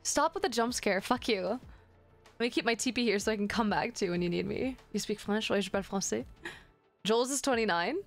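A woman's voice: a little high, fairly quick, soft background music. A woman streamer chatting casually with her viewers while gaming, joking in a playful, crude and flirty way.

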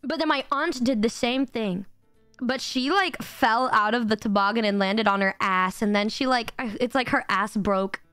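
High-voiced goofy teasing woman streamer. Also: a bit bright, smooth, no room sound, faint music behind. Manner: goofy, teasing, fast-joking. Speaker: streamer hosting a collab. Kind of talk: casual livestream chat.

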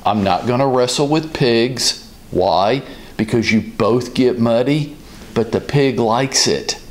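A man hosting a business advice talk, speaking in a calm, measured and direct way. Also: medium pitch. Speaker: host, business coach.

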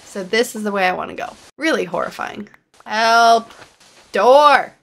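A woman's voice: mid-range voice, fast, gravelly, a little hiss or hum. A woman giving running commentary on her own gameplay, exasperated and self-mocking as she fails and retries. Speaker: gaming channel host.

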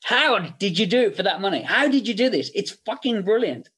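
A man putting on the voice of a barking, impatient old-school male film producer who issues gruff, commanding demands. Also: sits high, very animated, brisk, bright, forceful tone, voice pushed up, heavily acted. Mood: impressed.

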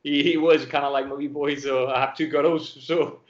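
A Danish man whose English carries a Danish accent blended with a Glasgow Scottish lilt. He talks as a relaxed guest, chuckling through his answers in a mid-pitched voice. The sound is a dull, lo-fi home video call. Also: moderate pace. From Denmark. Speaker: guest, football coach. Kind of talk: casual podcast interview. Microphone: home call over video chat. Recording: dull lo-fi internet call audio.

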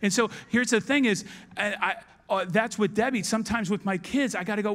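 A man in his fifties preaching a sermon as pastor, animated and storytelling, acting out dialogue. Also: sits high, fairly quick.

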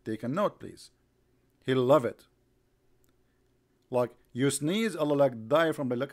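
A man's voice: a little high, expressive, moderate pace, pauses often. Sarcastic man mocking in live commentary. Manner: sarcastic, mocking, breaks into loud laughter; rhetorical, repeats himself. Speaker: online religious debater hosting a live broadcast.

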